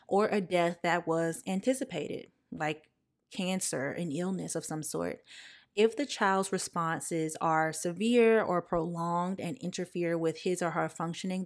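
A young woman hosting a podcast, talking casually and emotionally to her listeners, calling them y'all. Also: on the low side. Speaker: podcast host. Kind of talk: casual personal podcast talk.

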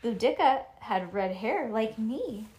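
A woman reading a children's book aloud to a child, lively and animated, with little asides. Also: on the high side, slow pace.

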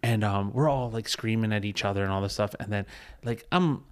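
Man, low voice, profane rambling storyteller, casual podcast chat. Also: a little fast, clean tone.

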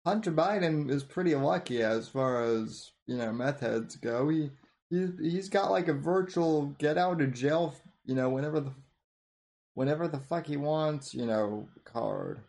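Guy with a slightly high voice, halting, repeats himself. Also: animated, creaky, a little mellow. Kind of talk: casual chat.

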